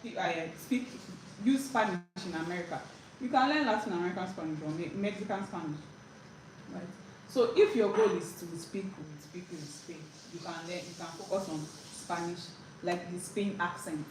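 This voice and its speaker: A woman giving a casual spoken language lesson, chatty, with frequent "like" and "right?" and many restarts. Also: lowish voice. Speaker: language teacher. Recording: roomy echo, distant mic, faint background noise.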